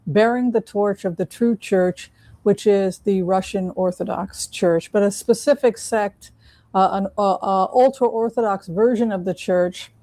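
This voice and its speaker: A woman in her fifties talking casually as host of a psychic tarot show, pausing often with fillers and restarts. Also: medium pitch, fairly even intonation, mellow, no echo. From United States. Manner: halting, with many fillers and restarts. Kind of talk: casual monologue.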